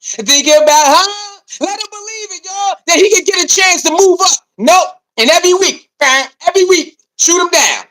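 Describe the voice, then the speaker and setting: A man's voice: extremely high pitch, normal speed, poor audio. A man giving a heated, mocking sports rant, often acting out other people's voices in asides. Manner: animated, mocking, mimics coaches in asides. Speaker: sports commentator.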